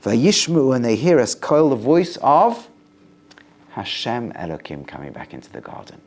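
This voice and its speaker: A rabbi teaches a class in a lively Torah lecture, his male voice moving at a normal pace. His stresses rise with emphasis, and he drops low and quiet when reciting Hebrew verses.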